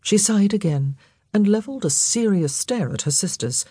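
A woman narrating a historical romance audiobook in a measured storytelling manner. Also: mid-range voice, lively intonation, mellow, slightly rough, dry recording, clean studio sound. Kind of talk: scripted narration.

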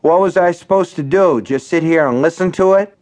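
A drunk, belligerent barfly with a voice pushed higher and louder than normal, all grievance and demands, as a man reading an audiobook acts him out. He sounds self-pitying and quick to anger. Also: animated, close to an everyday voice. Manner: loud, aggrieved, demanding. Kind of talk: audiobook character voice.

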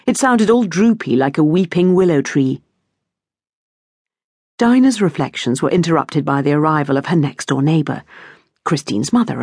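A woman narrating a novel in a measured, expressive way. Her fairly low voice is breathy and moves with a lively melody. Recorded close on a studio mic in a dry booth. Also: dry recording. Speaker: audiobook narrator. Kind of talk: scripted narration.

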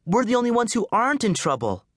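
A man's voice: mid-range voice, big pitch swings, measured pace, no echo, voice pushed up. A spunky teenage girl, as a male reader puts her on, with a brash, pushy manner. Her voice sits well above the reader's own, bounces around a lot, and sounds close and dry. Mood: urgent, defiant.

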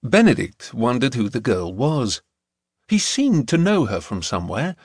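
A man narrating a novel in a measured, expressive reading. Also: mid-range voice, husky, no room sound, clean studio sound. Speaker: audiobook narrator. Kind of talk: scripted narration.

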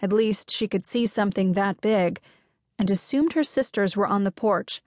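A woman reads a romance novel aloud in a measured, clear storytelling voice. Her pitch sits in a middle range, and the studio recording is close and dry. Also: a little mellow, no room sound. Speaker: audiobook narrator. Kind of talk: scripted narration.

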